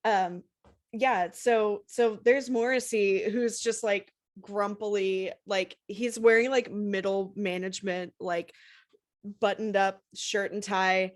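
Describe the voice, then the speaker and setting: A woman's voice: medium pitch, fairly even intonation, takes it slowly. A woman running a tabletop role-playing game as game master, chatty and full of fillers as she describes the scene.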